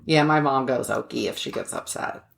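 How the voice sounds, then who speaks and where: A woman's voice: very deep voice, brisk, creaky. A middle-aged woman co-hosting a podcast in casual chat, talking freely, laughing often and swearing offhand. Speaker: podcast co-host.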